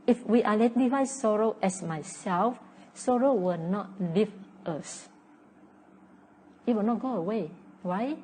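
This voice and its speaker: A woman's voice: mid-range voice, mellow, a little hiss or hum, rough recording. A Malaysian woman in her sixties, a meditation teacher giving a dharma talk, who repeats her points and checks in with short "huh?" and "okay?" asides. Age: 60s.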